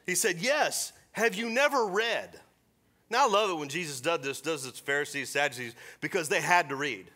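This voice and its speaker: A middle-aged man preaching a sermon as pastor, animated and mixing scripture with joking asides. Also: on the high side, quick pace, few pauses. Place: church service.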